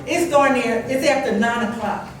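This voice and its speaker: An older woman speaks out at a council meeting, scolding and impassioned, her fairly high voice turning forceful as she presses her point. She is heard from across a very echoey room. Faint room noise sits under her words. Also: moderate pace. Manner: impassioned, scolding, rising to loud indignation. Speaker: public commenter at council meeting. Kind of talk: public comment speech. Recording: very echoey distant room recording.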